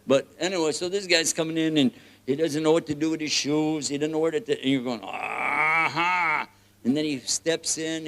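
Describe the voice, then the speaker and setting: A man with a Texan accent preaching a lively, joking sermon, often laughing and swinging between loud and soft. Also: a little high. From United States.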